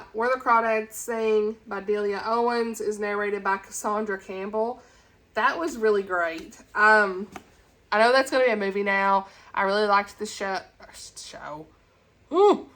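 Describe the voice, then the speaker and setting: A woman from talks to camera in an unscripted, rambling way. She gushes about what she loves and keeps her pitch right in the middle. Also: a bit bright. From Tennessee, USA. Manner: chatty and rambling, with gushing enthusiasm. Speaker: book vlogger. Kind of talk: casual chat.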